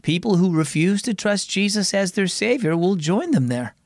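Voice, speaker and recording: A man voicing a calm, reassuring mom. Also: high voice, normal speed, no echo, studio quality, pitched above the performer's own voice. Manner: gentle, explaining.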